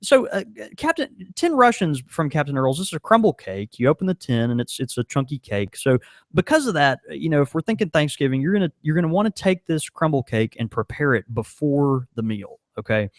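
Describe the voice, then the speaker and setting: A man co-hosts a podcast in a loose, rambling way, full of ums and restarts. His pitch swings widely as he talks. The sound is dry and close. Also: a little fast, no room sound. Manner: rambling, many fillers, animated. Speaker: podcast co-host. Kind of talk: casual chat.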